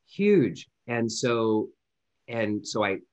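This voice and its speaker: A man's voice: low voice, normal speed, a bit bright. A man in his thirties, an interview guest telling a personal story earnestly, with lots of fillers. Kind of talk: storytelling in conversation.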